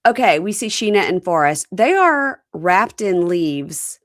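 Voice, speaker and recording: A woman's voice: fairly low pitch, measured pace, no echo, clean studio sound. A woman hosting a podcast, recapping a reality show in casual chat and acting out the people she quotes. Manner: animated retelling with quoted voices. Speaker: podcast host.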